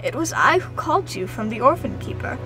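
A woman voicing a kind, wise elderly caretaker who speaks in a gentle, knowing way. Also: a little high, sing-song, a little fast, over music, poor audio.

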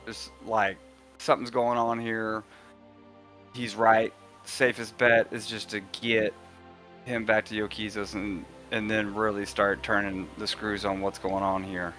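Bright-voiced, halting male player. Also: fairly low pitch, level tone, soft background music. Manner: halting, filler-heavy, laughing. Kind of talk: tabletop role-play, in and out of character.

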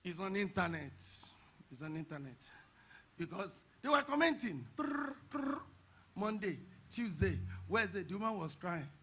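A male pastor preaching at a church conference, his voice pitched high, husky and strikingly sharp and forceful. He tells stories in a conversational way, then bursts into loud shouted emphasis on key points. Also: big pitch swings, normal speed. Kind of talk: sermon.

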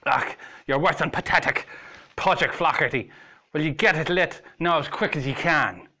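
A man's voice: on the high side, normal speed, sharp tone, pitched above the performer's own voice. A man voicing a haughty, domineering old woman, scolding her husband in a spooky story. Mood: scornful. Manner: imperious, scolding.

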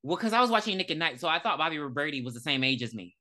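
Woman podcast cohost recapping a movie, low-ish bright voice, bouncy, curses a lot. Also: very fast. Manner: animated retelling, acts out characters, profane. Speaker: podcast co-host. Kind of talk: casual movie review chat.

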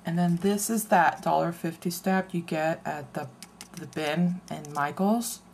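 Low gravelly woman chatting about crafts. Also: steady tone, a little mellow, slight background noise. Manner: chatty, meandering, often pauses to search for words. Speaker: paper crafter showing a handmade mini album. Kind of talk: casual show-and-tell craft video.

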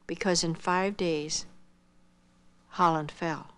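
Older woman, missionary recounting her story, earnest, acts out dialogue, goes soft and hushed at tender points. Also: lowish voice, steady tone, slow, clean tone. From Iowa, United States. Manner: earnest, acts out quoted dialogue, drops softly toward a whisper at tender moments. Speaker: missionary giving her testimony. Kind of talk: personal testimony storytelling.

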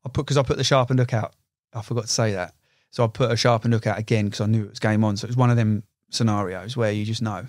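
Young angler, guest on a podcast, excitable and chatty, dry sound. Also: male voice, on the low side, quick pace, no room sound. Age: young adult. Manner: excitable storyteller, swears, uses "you know" a lot. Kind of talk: casual chat.

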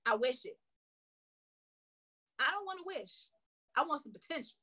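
A woman sales coach giving an energetic, emphatic motivational training talk. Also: sits high, normal speed. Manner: energetic, emphatic, acts out little dialogues.

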